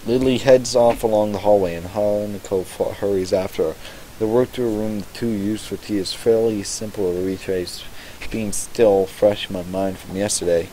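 Low-voiced, sweary young gamer. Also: male voice, steady tone, normal speed, dark tone, a little hiss or hum, rough recording. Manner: sarcastic, swears a lot, reads text aloud. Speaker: let's-play gamer. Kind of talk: gameplay commentary reading a visual novel.

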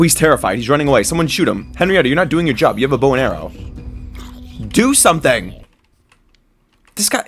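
Excitable, gravelly-voiced man. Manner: excitable and jokey, squealing high when delighted. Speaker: gaming video creator. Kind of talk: playing commentary on a survival game.

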